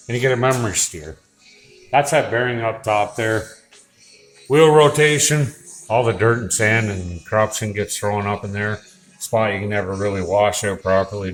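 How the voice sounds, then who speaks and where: A man's voice: mid-range voice, a bit bright. Joking mechanic man in echoey garage. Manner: joking, rambling with fillers. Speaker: auto mechanic. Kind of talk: casual shop walkthrough. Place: auto repair garage. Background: radio music playing.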